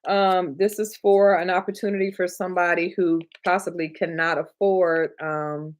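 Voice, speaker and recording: Speaking at a moderate pace in a fairly low, level voice, this Michigan woman in her 30s to 40s runs a livestream where she trains notary signing agents. She's chatty and warm, talks to the chat, laughs a lot, and gets emotional at times.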